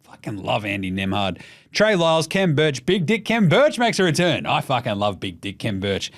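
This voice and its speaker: An Australian man hosting a casual basketball podcast, swearing freely and putting on quick voices for jokes. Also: medium pitch. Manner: animated, profane, mimics voices for jokes. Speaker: podcast host.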